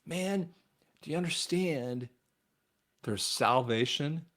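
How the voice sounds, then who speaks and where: A man hosting his own channel, giving a rambling religious and political commentary monologue in an emphatic voice that jumps from loud bursts to near mutters. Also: on the high side, lively intonation, takes it slowly. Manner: addresses viewers directly as guys.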